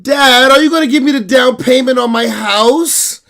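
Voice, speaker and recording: A man voicing a spoiled grown daughter who whines and shouts, begging her dad for money. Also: normal speed, vocal fry, full character voice. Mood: whining. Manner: shrill, shouting, pleading.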